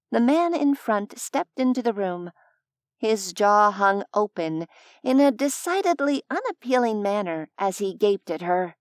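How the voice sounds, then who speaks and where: A woman narrating an audiobook in a measured, expressive storytelling voice, close to the mic. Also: medium pitch, dry recording.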